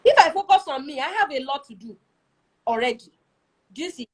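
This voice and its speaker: A woman's voice: sits high, lively intonation, brisk, rough recording. A young woman, speaking earnestly about marriage as a guest and often checking in with her listeners. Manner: earnest, keeps asking "do you see?". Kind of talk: conversational teaching talk.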